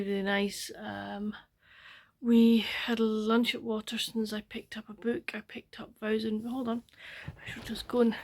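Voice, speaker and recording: Her voice is a little high: an older Scottish woman chatting softly and at length in a diary-format book vlog filmed at home, regularly dropping close to a whisper.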